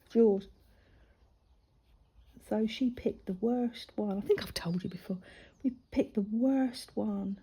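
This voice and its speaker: A woman's voice: medium pitch, measured pace, few pauses, dark tone, husky. A woman, a mother with a grown daughter, chatting casually and rambling through a personal story while she colours, her voice often dropping to a near-whisper. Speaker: crafting vlogger.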